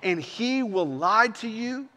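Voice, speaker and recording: A man's voice: high-pitched, expressive, takes it slowly, sharp tone, in a large hall. A man preaching an earnest sermon as pastor, rising into impassioned pleas.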